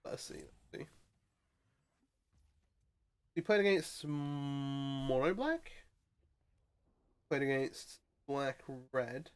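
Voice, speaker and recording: A man talks through his card game match as he plays. He mutters half-finished thoughts, repeats words and restarts sentences. His pitch sits at an ordinary middle level for a man. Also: animated, extremely slow, long pauses, smooth. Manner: thinking aloud, mumbling, frequent restarts. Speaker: streamer playing a card game. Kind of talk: casual gameplay commentary.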